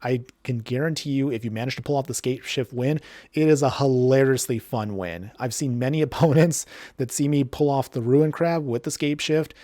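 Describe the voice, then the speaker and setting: A man giving excited card game commentary and a deck guide, laughing often and talking straight to his viewers. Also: medium pitch, brisk, dry recording. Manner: chatty, addresses viewers directly. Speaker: card game content creator.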